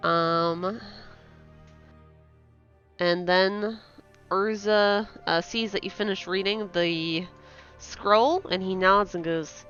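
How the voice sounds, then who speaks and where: A woman narrating a tabletop game as game master, pausing often with fillers. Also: medium pitch, steady tone, fairly bright tone, faint music behind. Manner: hesitant with many fillers. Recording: dull lo-fi sound.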